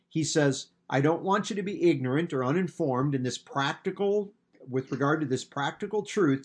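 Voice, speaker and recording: A man preaching a teaching sermon with a slightly raised pitch and a husky, breathy edge to his voice. He talks through the passage conversationally and leans on words for emphasis, then drops to a quieter tone. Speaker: pastor. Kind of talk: expository sermon.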